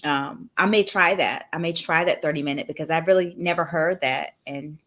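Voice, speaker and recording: A woman's voice: sits low, normal speed, a bit bright. A woman hosting a casual chat, reflective and easygoing as she talks about herself. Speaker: host.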